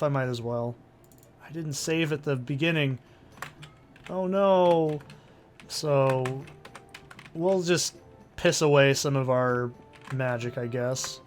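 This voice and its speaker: Excitable man narrating a game. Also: a little high. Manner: excitable, swears freely. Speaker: let's play host. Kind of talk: casual gameplay commentary.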